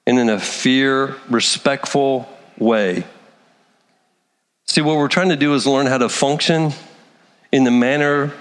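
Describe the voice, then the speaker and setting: A man preaching a sermon, animated, acting out the voices of people he quotes. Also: medium pitch, big-room sound. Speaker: pastor.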